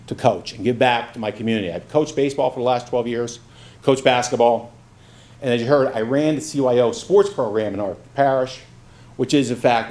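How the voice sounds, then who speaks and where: A man in his fifties gives a campaign speech at a candidates' forum, at an average pitch for a man. He tells stories from home with easy, self-deprecating humor, then walks through his career in a steady, earnest way. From Brooklyn, New York. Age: 50s. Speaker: judicial candidate.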